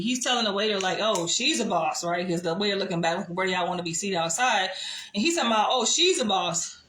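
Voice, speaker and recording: A young woman telling a dating story to camera, animated and exasperated, swearing freely. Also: medium pitch, fast, slight background noise. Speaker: vlogger. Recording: echoey room.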